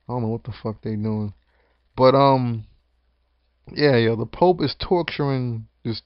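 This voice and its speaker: A man's voice: mid-range voice, no echo. A man giving a profane, rambling rant about wrestling, full of swearing and restarts. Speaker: wrestling commentary vlogger. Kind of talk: profane ranting monologue. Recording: dull lo-fi dry recording.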